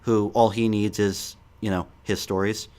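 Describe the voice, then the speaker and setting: A young man co-hosting a podcast in casual chat, chuckling often and pausing on ums and restarts as he gathers his thoughts. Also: on the low side, flat delivery, a crowd in the background. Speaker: podcast co-host.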